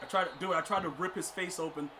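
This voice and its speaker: A man streaming a football video game, commenting live and talking to his chat, often exasperated and breaking into loud outbursts. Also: on the high side, fairly even intonation, very fast, background noise. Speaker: gaming streamer.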